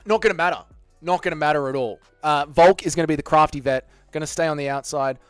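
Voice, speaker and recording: A man's voice: a little high, fast talker, smooth, dry recording, faint music behind. An Australian man hosting a casual live stream, bantering and swearing as he reads out chat messages. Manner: profane, joking banter with chat.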